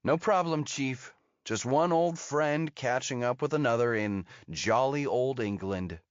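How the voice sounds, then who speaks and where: Man doing American thug, American accent, sneering, mocking, raised pitch, muffled dry audiobook sound. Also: measured pace, clear, resonant tone, no room sound, close to an everyday voice. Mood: mocking menace. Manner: taunting, mocking.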